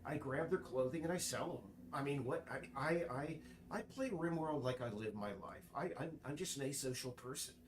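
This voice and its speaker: A man streaming, chatting casually in a rambling, halting way full of restarts while he works. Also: medium pitch, expressive. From United States.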